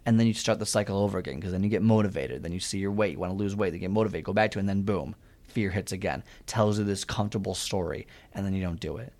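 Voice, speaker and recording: A man's voice: deep voice, fast talker, darkish tone. A man giving a motivational talk on fitness, speaking in an earnest, conversational storytelling way.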